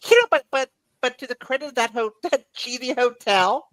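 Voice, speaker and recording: A woman's voice: high voice, expressive, fairly quick, dry recording, poor audio. A woman guest in a casual chat, rambling through memories with frequent restarts and laughs. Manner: rambling, repeats words while recalling, laughs often.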